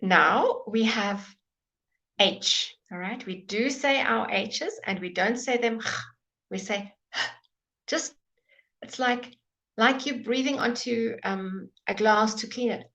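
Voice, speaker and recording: A woman's voice: a little high, slow pace, a bit bright. A woman teaching English pronunciation in a live online lesson, patiently modelling sounds and encouraging questions.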